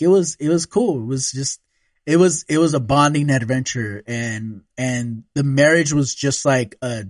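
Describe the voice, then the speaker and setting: A man's voice: a little high, dry recording, studio quality. A man telling a personal story in casual chat. He swears a lot and laughs often. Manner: relaxed, profane, laughs often.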